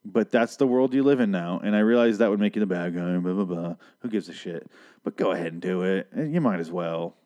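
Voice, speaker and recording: A man's voice: low voice, brisk, dark tone, muffled recording. A man recapping a TV episode in a casual, profane rant, sarcastic and exasperated. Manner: ranting, sarcastic, heavy swearing.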